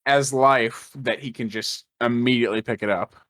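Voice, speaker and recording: This podcast co-host is a man with a mid-range, slightly bright voice, a steady tone, and a normal speaking speed. He chats casually about a movie, often questioning plot details with a laugh.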